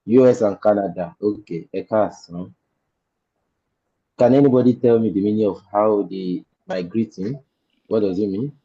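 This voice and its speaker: A man teaching a language class over a video call, polite and quick to agree. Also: fairly low pitch, warm tone, breathy edge. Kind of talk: online language lesson. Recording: muffled lo-fi video call audio.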